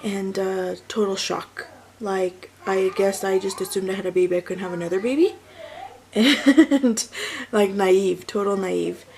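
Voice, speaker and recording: Here a vlogger and mother in her thirties rambles through a personal anecdote, fixing her own wording as she goes and leaning on fillers. Her voice is mid-range, steady, unhurried and darkish, and the audio quality is poor.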